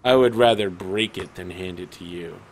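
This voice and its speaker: A man's voice: deep voice, normal speed, slight background noise, close to an everyday voice, low-quality recording. A man voicing a disgusted, contemptuous middle-aged father who speaks coldly and scornfully. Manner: scornful, cold.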